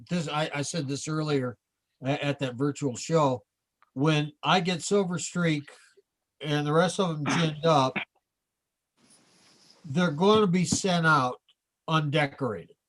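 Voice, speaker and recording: A man, a guest model kit maker, talking in a halting way with many restarts in a casual group chat. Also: fairly high pitch, fairly bright tone.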